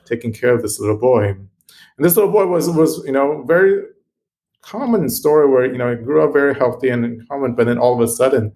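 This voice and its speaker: A man being interviewed as a guest, telling a personal story in an earnest, halting way with frequent ums and restarts. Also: mid-range voice, darkish tone. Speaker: guest, computational biologist.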